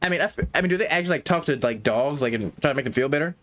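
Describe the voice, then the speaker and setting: A man's voice: a little high, lively intonation, racing, a bit bright. A man streaming a game reaction, musing aloud in casual rambling commentary.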